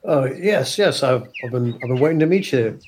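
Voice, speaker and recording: A man's voice: medium pitch, lively intonation, normal speed, a little mellow, slightly rough. A man playing a nervous stammering bard. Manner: stammering, earnest. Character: nervous young man bard, eager to impress.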